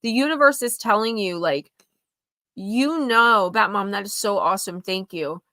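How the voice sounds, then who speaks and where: A woman's voice: medium pitch, expressive, normal speed, sharp tone, no room sound. A woman reading oracle cards on a live stream, chatty and emotional, sniffling now and then as she talks straight to her viewers. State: tearful, sniffling.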